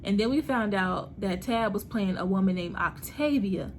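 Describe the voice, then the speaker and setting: A woman in a casual TV recap vlog, talking fast and loose with plenty of slang and frequent laughter. Her voice sits at an ordinary middle pitch. Faint background noise hums behind her. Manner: chatty and animated, slangy, laughs often. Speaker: host reviewing a TV series.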